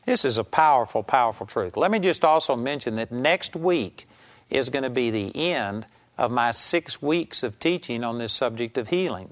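A man teaching a sermon series on healing, talking in a conversational, emphatic way and reading scripture aloud slowly. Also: medium pitch, a bit bright. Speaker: Bible teacher.

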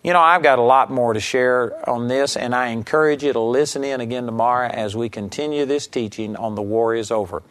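A middle-aged man preaching a radio sermon as a pastor, telling stories and quoting people in a raised, lively voice. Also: mid-range voice, fairly quick, hardly any pauses. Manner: animated storytelling preacher, quotes people in raised voice.

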